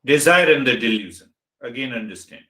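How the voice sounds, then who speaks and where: A man giving a meditation teaching talk as a spiritual teacher, speaking deliberately and listing words one at a time. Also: mid-range voice, lively intonation, bright, forceful tone. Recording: roomy echo.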